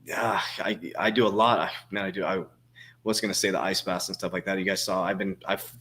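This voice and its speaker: A man in his forties answers viewer questions on a casual livestream, in a fairly low voice. He rambles, swears freely and restarts his sentences, filling the gaps with ums and uhs. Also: fairly even intonation, a little fast, bright, forceful tone. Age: 40s. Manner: rambling, profane, frequent fillers and restarts.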